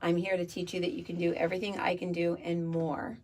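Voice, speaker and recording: Fields: Figure: Jesus, as a woman voices him, male, calm teacher. Delivery: soft, reassuring, low-key. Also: brisk, natural voice.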